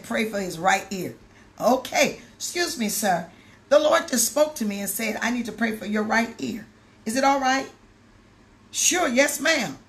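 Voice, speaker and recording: A woman bishop preaching, telling a story with acted-out dialogue and building to loud exclamations. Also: on the high side. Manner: animated storytelling, acts out dialogue, rises to exclamations. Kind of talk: sermon with storytelling.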